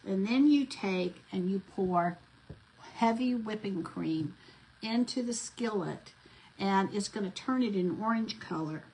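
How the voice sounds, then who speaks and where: A woman's voice: medium pitch, measured pace, darkish tone, slight background noise, low-quality recording. A middle-aged woman, chatting and rambling through stories while she works on a craft vlog, full of fillers and restarts. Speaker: craft vlogger.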